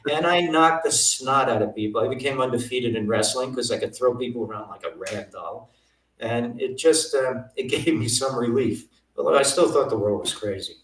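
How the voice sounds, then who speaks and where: A man's voice: mid-range voice, moderate pace, a bit bright. An older man, a guest in an interview, telling his life story vividly and acting out the dialogue. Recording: roomy echo, distant mic.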